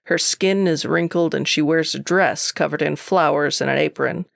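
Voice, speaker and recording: Woman narrator, gravelly, sardonic first-person audiobook read, dry. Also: low-pitched, normal speed, no echo.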